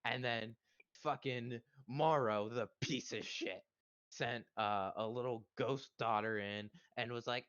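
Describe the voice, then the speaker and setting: A man's voice: mid-range voice, fairly even intonation, measured pace, fairly bright tone, clean tone, dry recording, lo-fi sound. A man casually recapping the last session of a tabletop game, rambling and swearing, with a strained voice. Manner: rambling, profane, with many fillers. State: strained voice after a long session.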